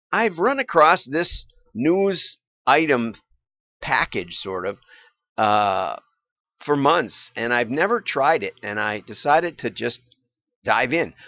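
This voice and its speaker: Chuckling older man with lively pitch. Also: no room sound. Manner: chatty, rambling, chuckles often. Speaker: livestream host. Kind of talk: casual livestream commentary. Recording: dull, lo-fi, dry livestream audio.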